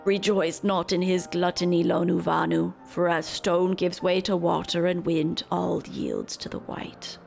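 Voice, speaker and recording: A woman's voice: lowish voice, level tone, measured pace, vocal fry, hardly any pauses, darkish tone, faint music behind. A woman voicing a solemn birdlike tribal elder with broken, formal country-bumpkin speech.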